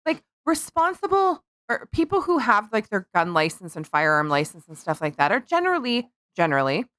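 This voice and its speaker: A woman's voice: medium pitch, a bit bright, no room sound, studio quality. A woman hosting a podcast, sarcastic and giggly, rambling through her points. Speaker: podcast host. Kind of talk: casual comedic political chat.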